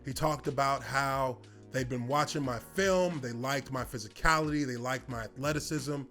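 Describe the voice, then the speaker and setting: A man in his thirties telling a personal story in casual talk, relaxed and rambling with lots of fillers. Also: mid-range voice, moderate pace, faint music behind. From United States. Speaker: former football player telling his story.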